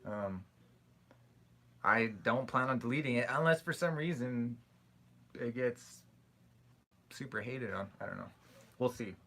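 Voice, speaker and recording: A young man chatting casually on a live stream, reading out viewer questions and answering with loose, rambling replies and quick apologies. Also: medium pitch, a bit bright. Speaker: YouTube creator answering live chat questions.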